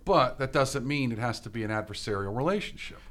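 Male co-host, conversational and probing, plain mid-pitched voice. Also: lively intonation, fast, a bit bright. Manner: probing, asks follow-up questions, uses many fillers. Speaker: podcast co-host. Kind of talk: casual chat.

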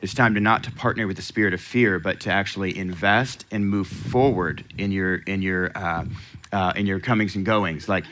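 A male pastor delivers a sermon in an easy, conversational way, often tossing questions to the congregation and laughing. His voice sits a little low but has a bright, forceful edge.

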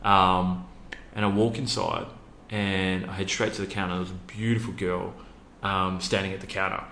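An Australian man with a low, deep voice, earnest and hesitant, peppering his story with ums. The room is echoey, with a faint hum underneath. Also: little pitch movement, moderate pace, gravelly, bright, forceful tone. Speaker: interview guest, youth program founder. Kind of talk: casual storytelling in an interview.

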